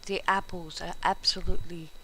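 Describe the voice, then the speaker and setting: A woman voicing a sly talking snake that tempts with soft, hushed coaxing in a spoken storybook. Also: fairly low pitch, fairly even intonation, normal speed, breathy edge, full character voice, poor audio. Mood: insistent coaxing.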